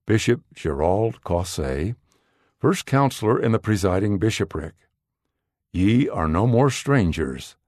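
A man reads out a source citation slowly and with care. His voice sits fairly low, and his pitch rises and falls in a lively way. The sound is dry and close. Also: no room sound.

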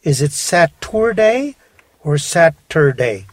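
A man running a pronunciation drill, asking careful, deliberate questions about how words are said. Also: fairly high pitch, fairly even intonation, a little mellow, husky, no room sound. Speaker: language teacher.

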